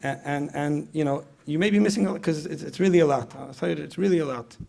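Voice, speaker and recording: Guy lecturing parents, gravelly voice, talks fast, keeps repeating himself. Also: fairly high pitch, darkish tone. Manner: repeats phrases, asks the audience questions. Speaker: speaker at a parenting retreat. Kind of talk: conversational lecture.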